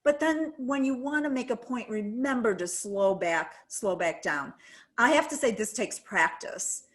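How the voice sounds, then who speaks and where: A woman's voice: a little high, animated, unhurried, a bit bright. Earnest woman coaching on public speaking. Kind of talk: webinar advice talk.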